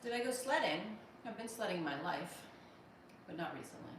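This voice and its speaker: A woman's voice: lowish voice, lively intonation, moderate pace, fairly bright tone, distant mic, a little hiss or hum. An American woman in her thirties hosting a casual livestream, joking and thanking viewers by name in a wry tone. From United States. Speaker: livestream host reading viewer comments. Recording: roomy echo from off-mic.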